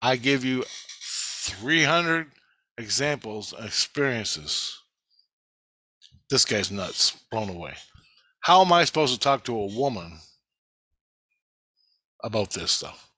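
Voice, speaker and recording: A man's voice: medium pitch, big pitch swings, slow, pauses often, pushed and bright, dry recording. A middle-aged man talking in a rambling, profane, intense personal monologue as a vlogger.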